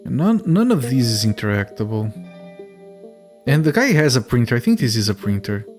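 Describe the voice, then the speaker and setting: A man's voice: medium pitch, big pitch swings, normal speed, a little mellow, faint music behind. Chatty man streaming a puzzle game. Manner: chatty, rambling, thinks aloud, swears. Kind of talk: casual let's-play commentary.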